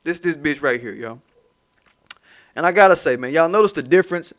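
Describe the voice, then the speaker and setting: Man, higher voice, ranting vlog host, profane, mocking, repetitive. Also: lively intonation, a little fast, a bit bright. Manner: profane, heated, mocking, repeats himself for emphasis. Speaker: commentary channel host.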